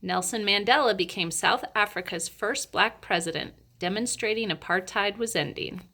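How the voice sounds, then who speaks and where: A woman presenting a lesson, reading scripted prompts in a clear, instructive way. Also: medium pitch, normal speed, pushed and bright.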